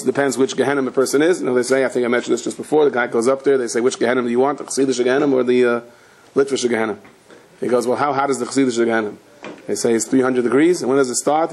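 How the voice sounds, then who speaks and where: With a breathy edge to his voice, a man who is a rabbi tells stories animatedly during a Torah lecture. He plays the characters himself, breaking into sudden high-pitched outbursts.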